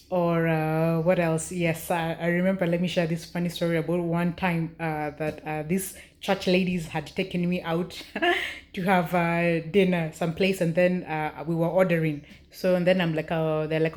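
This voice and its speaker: A woman's voice: on the low side, steady tone, moderate pace, a little mellow. A young Kenyan woman with a Kenyan accent, chatting casually in her vlog, laughing often and using lots of fillers. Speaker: vlogger.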